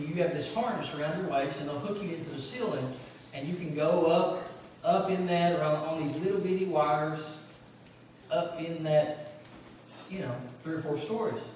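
A man's voice: fairly high pitch, a little mellow, a little hiss or hum. A man, preaching a conversational sermon full of fillers and personal stories. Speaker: pastor. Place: church sanctuary. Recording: very echoey church from far off.

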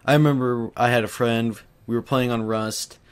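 A man's voice: medium pitch, fairly even intonation, moderate pace, smooth. A young man delivering a profanity-filled, exaggerated comedic rant as a YouTuber.

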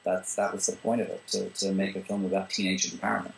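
Gravelly-voiced man with many "you know"s. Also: sits low, fast, slight background noise, rough recording. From Australia. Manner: relaxed, full of "you know" fillers and restarts. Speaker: screenwriter and director. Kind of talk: interview answers.

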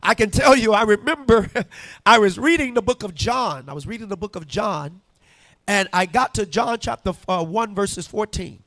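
A male pastor preaching with emphatic call-and-response, pushing some lines up to shouts. His voice sits high and swings widely in pitch. The sound is dry and close. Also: lively intonation, moderate pace, no room sound. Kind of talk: sermon. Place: church sanctuary.

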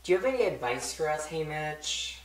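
A man's voice: fairly high pitch, very animated, brisk. A man doing sassy, self-absorbed Katniss. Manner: snarky, self-satisfied. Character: sassy, fame-obsessed teenage heroine. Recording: roomy echo.

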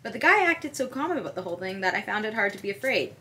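Young woman vlogging her book reactions, bright voice, super animated and gushy. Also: medium pitch, quick pace. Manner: animated, excitable, jumps between gasps and musing. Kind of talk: casual reading-reaction vlog.

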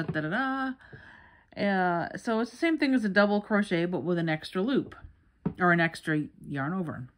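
A woman's voice: on the low side, a little hiss or hum. A middle-aged woman from New York gives a casual crochet tutorial in a rambling, chatty way, with many fillers and restarts. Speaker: crochet teacher.

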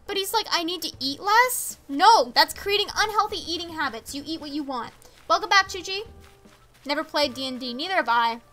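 Chatting with her live-stream audience while playing a life-sim game, this teenage girl reacts to the villagers in a high, bright, pushed voice. She sounds expressive and talks fairly quickly.

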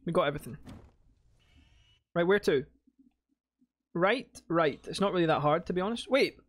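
A man hosting a casual let's-play, excitable and swearing, with sudden loud shouted bursts between muttered remarks. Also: sits high, moderate pace. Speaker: gaming host.

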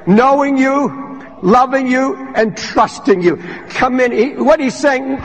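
A man preaching a sermon as pastor, impassioned and rising to shouts, recorded in a large church hall. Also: very high voice, animated, unhurried. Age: older.

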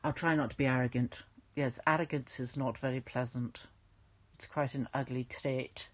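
A woman's voice: a bass voice, fairly even intonation, moderate pace. A woman chatting casually with viewers on a livestream, rambling, self-mocking and reading out their comments. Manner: reads out chat comments.

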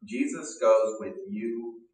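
A man giving an earnest, conversational sermon with pauses and fillers, as a pastor. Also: medium pitch, a little mellow. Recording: echoey room, mic at a distance.

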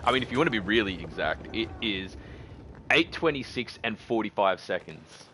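An Australian man chatting excitably while streaming a shooter game, swinging from loud outbursts to low muttering. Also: moderate pace. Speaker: gaming streamer. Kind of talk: live gameplay commentary. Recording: gunfire and battle noise behind.

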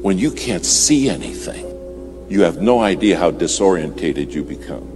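A man with a very low voice preaches at a church service, spinning a story with dramatic force. He climbs to urgent, ringing appeals, then drops to a hush, while soft music plays faintly behind him. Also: animated, moderate pace. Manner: dramatic, swings from urgent and loud to hushed. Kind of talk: storytelling sermon.

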